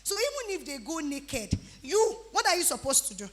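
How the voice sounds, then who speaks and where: Animated Nigerian woman preaching to teens. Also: high voice, normal speed. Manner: animated, teasing, breaks into pidgin-flavored asides. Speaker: youth retreat speaker. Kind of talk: lively exhortation to teenagers.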